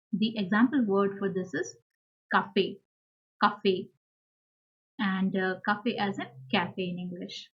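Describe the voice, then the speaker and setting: Slow, careful woman teaching basics. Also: mid-range voice, lo-fi sound. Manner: slow and careful, repeats each word, fillers and small self-corrections. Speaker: language teacher. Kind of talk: slow beginner language lesson.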